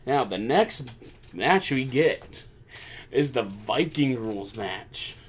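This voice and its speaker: A man's voice: mid-range voice, slow pace, a crowd in the background. Chatty man recapping wrestling. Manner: animated storyteller who acts out quotes. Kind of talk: casual wrestling recap chat.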